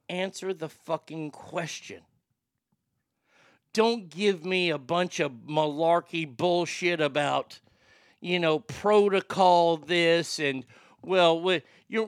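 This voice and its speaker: High, gravelly, profane ranting man. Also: fairly bright tone, no echo, clean studio sound. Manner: profane, blunt, acts out quoted exchanges. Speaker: podcast host. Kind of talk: ranting commentary.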